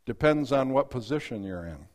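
A man preaching a sermon, reading scripture and acting out its voices, swinging from loud outbursts to hushed asides. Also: mid-range voice, animated, normal speed.

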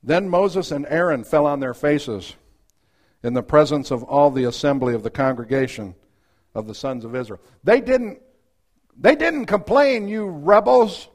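A man preaching a sermon, reading scripture and acting out its voices, swinging from loud outbursts to hushed asides. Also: a little high, expressive, moderate pace.

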